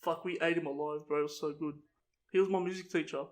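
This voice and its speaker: High-voiced man telling stories. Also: steady tone, fast talker. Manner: swearing, laughing storyteller. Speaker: podcast co-host. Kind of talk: casual chat.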